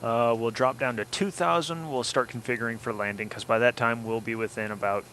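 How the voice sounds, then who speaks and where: A man's voice: mid-range voice, fairly even intonation, fairly quick, a bit bright, a little hiss or hum, rough recording. A man hosting a casual flight simulator let's-play, chatting and explaining each step as he goes. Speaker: flight sim gameplay host.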